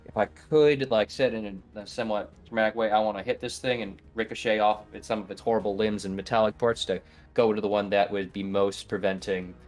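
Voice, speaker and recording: Excitable man playing a tabletop game. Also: on the low side, a little fast, soft background music. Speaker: player.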